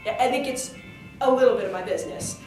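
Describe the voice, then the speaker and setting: A woman's voice: on the high side, fast, darkish tone. Chatty woman in an echoey room. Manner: chatty, full of fillers like "like" and "you know". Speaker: student retelling a play in character. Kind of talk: casual in-character retelling. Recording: echoey room, voice far from mic, music behind.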